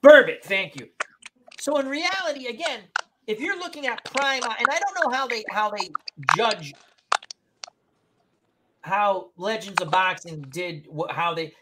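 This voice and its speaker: A man's voice: high voice, animated, a little slow, long pauses. A man hosting a casual live-stream chat, rambling and opinionated, restarting sentences often. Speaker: host. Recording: noisy home mic.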